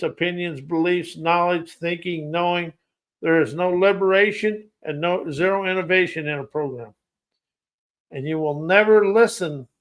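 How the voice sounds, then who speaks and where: A man with a fairly high voice speaks in a slow, unhurried cadence. He hosts a podcast and delivers a spoken-word motivational monologue, pacing it in rhythmic, poetic lists of words. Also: a bit bright. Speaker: podcast host.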